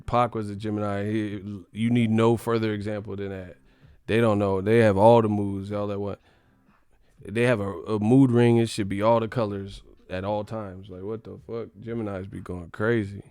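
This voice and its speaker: A man's voice: lowish voice, little pitch movement, moderate pace, vocal fry, darkish tone, smooth, dry recording, studio quality. A man hosting a boxing live stream in a casual, profane, joking rant full of slang.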